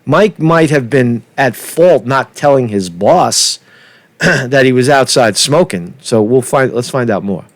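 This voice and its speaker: A man's voice: medium pitch, animated, unhurried. A man doing ranting street commentary for his vlog, swearing a lot and tagging nearly every point with "right?". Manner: profane, keeps asking "right?". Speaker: street vlogger.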